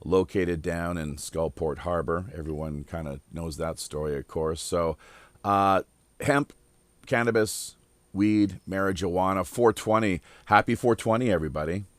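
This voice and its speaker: A man's voice: sits low, no room sound. A man hosting a casual podcast round-table, rambling with lots of fillers. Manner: rambling, filler-heavy, deliberate. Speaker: podcast host.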